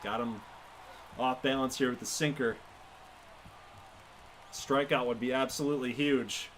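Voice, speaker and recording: A man giving casual play-by-play commentary over a baseball video game, excitable and quick to laugh and react to each play. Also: medium pitch, a little hiss or hum. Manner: excitable, laughs often, reacts loudly to plays. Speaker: gaming channel host.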